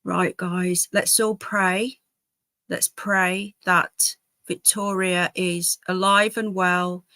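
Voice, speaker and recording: A woman's voice: on the low side, flat delivery, extremely slow, pushed and bright, no room sound. A woman hosting a casual live stream from home, chatting to viewers and her dogs. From England. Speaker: livestream host. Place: home, indoors.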